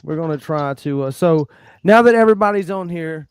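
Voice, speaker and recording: A man hosting a casual livestream chat, laid-back and halting, with lots of fillers. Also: fairly high pitch, animated, smooth. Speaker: stream host. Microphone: remote stream call.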